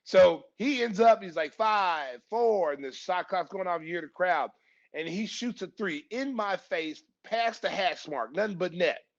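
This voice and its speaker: Man, 50s, gravelly and fairly high voice, lively storyteller who acts out quotes, dull lo-fi podcast sound. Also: moderate pace. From Oklahoma, USA. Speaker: guest, former pro basketball player. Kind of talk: casual storytelling.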